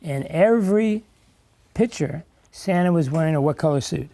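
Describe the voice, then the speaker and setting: An older man's warm voice sits on the high side, animated and at a moderate pace. He's a guest reader in an elementary school classroom, reading a picture book aloud to young children and chattily pausing to pose questions and explain.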